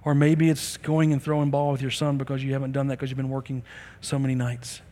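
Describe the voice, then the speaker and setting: A man preaching a sermon in a church service, telling stories with animated delivery and acting out the people in them. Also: mid-range voice, fast talker. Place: church sanctuary during a service. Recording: long reverb of a large hall.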